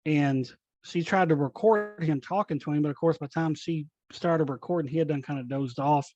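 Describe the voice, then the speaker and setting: A man's voice: fairly high pitch, brisk, dry recording. A man telling ghost stories as an interview guest, acting out quoted dialogue. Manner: animated, acts out quoted dialogue. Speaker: paranormal investigator guest. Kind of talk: casual storytelling. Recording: dull dry sound.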